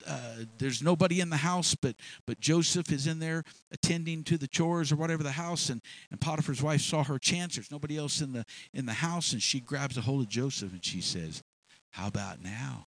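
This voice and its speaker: A man preaching a sermon, retelling a story in an animated way with many restarts. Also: a little high, a little fast, few pauses, dry recording, poor audio.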